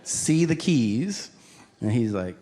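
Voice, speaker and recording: A middle-aged man doing stand-up comedy, telling a story in an animated, profane way and acting out his own shouts, on a club stage mic. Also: medium pitch, slow. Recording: live club recording with audience noise.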